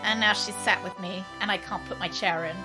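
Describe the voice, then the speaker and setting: A woman's voice: mid-range voice, fairly even intonation, a little fast, over music. A woman streaming live, chatting casually, cooing at her dog in baby talk and giggling as she thanks her viewers.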